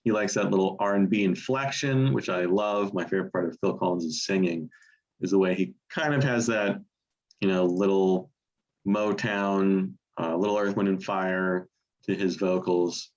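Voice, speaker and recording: A fairly low-voiced man co-hosts a music podcast, enthusiastic and explanatory as he talks through his picks. The audio is a bit dull and lo-fi. His delivery is relaxed, casual chat. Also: normal speed. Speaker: podcast co-host.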